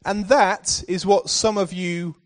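A man's voice: high voice, fairly even intonation, takes it slowly. A man preaching a sermon in church, telling a personal story before building to emphatic scripture readings.

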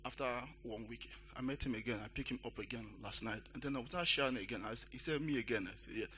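Man giving halting church testimony. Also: mid-range voice, pushed and bright, slight background noise. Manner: halting, repetitive retelling.

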